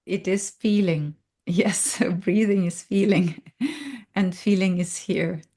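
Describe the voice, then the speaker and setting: A woman on a video-call panel, gentle and hesitant, laughing softly as she speaks. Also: medium pitch, slow pace. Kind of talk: reflective panel talk.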